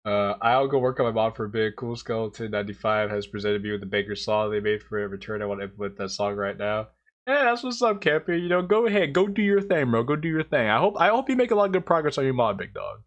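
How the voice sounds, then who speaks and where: A man's voice: medium pitch, lively intonation, fast, lo-fi sound. A man streaming a game, joking in slangy casual commentary and laughing often. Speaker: gaming streamer. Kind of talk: casual commentary while playing.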